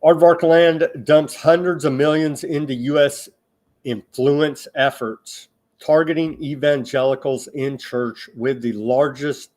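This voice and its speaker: A man hosting an online news show, reading reports aloud with halting asides, now and then rising into loud appeals to his listeners. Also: mid-range voice. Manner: slow, halting delivery with asides and restarts; grows loud and emphatic when addressing listeners.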